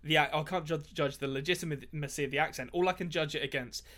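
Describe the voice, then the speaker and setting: A man's voice: a little high, fast, fairly bright tone. A man co-hosting a casual movie podcast, talking animatedly and putting on voices to mock film lines. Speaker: podcast co-host.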